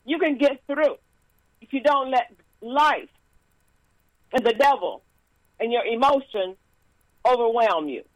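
A woman minister giving a casual sermon with stories and announcements, lively and laughing, with frequent praise interjections. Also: fairly high pitch, measured pace, pauses often, dry recording, poor audio.

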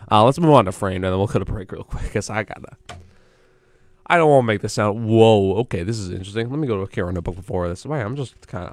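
A man's voice: lowish voice, no room sound, studio quality. A young man hosting a college radio show, rambling and correcting himself as he thinks aloud in a casual solo chat.

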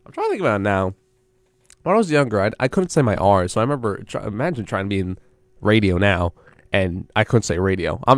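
A man's voice: fairly low pitch, no echo. A young man hosting a college radio show, chatting alone in a rambling, self-interrupting way into a studio mic. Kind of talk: casual solo radio chat.

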